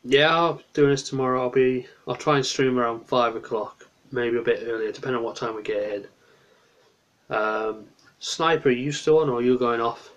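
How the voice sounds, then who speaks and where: A man's voice: mid-range voice, normal speed, fairly bright tone. Tired man rambling on a livestream. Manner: rambling, drifts off topic, answers chat. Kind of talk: late-night rambling livestream chat. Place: small bedroom, on the bed.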